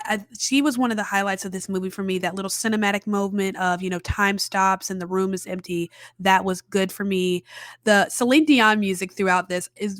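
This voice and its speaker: A woman's voice: medium pitch, no room sound, clean studio sound. A woman giving a casual spoken film review, chatty with many fillers and wry, exaggerated exasperation. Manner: chatty, frequent "you know" fillers.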